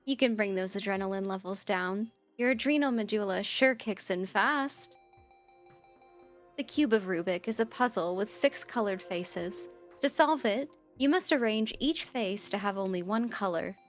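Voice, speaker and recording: A woman's voice: medium pitch, normal speed, faint music behind, close to an everyday voice. A woman reading as a creepy cheerful research AI. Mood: chirpy. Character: creepy female research AI, chirpy and odd. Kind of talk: reading game dialogue aloud.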